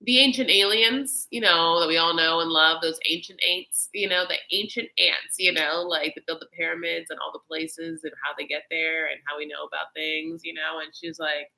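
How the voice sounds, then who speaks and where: A woman's voice: low voice, fairly even intonation, moderate pace, vocal fry, hardly any pauses, pushed and bright, low-quality recording. A woman hosting a casual reality-TV recap chat, chatty and campy, slipping into exaggerated voices to mimic people. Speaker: host.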